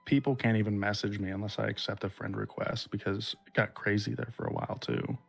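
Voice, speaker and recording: A male host reads a listener's spooky tale in a measured, deliberate way. His voice sits fairly low, and soft music plays in the background. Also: steady tone, creaky, husky. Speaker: podcast host. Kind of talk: reading a listener's horror story aloud, then casual chat.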